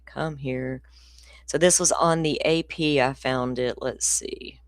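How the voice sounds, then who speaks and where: A woman's voice: very deep voice, steady tone, takes it slowly, no echo. A middle-aged woman, hosting a casual true crime livestream in a rambling, profane, ranty way.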